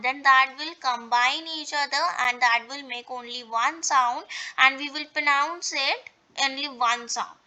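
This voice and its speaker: A woman's voice: high-pitched, bright, forceful tone, rough recording. A woman teaching French pronunciation rules in an online lesson, explaining step by step with many repeats and fillers. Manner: explains slowly with repetition and fillers.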